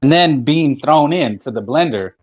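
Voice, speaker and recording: A man's voice: on the high side, expressive, moderate pace, slightly rough, muffled recording, soft background music. A man in casual boxing chat, joking and doing mocking impressions.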